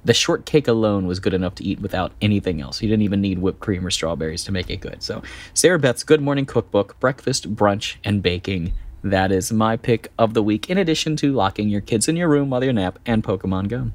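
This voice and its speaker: A man's voice: fairly low pitch, no echo. A middle-aged man co-hosting a casual podcast chat, rambling a bit and laughing easily. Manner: chatty, rambling with restarts and a quick laugh. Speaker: podcast co-host.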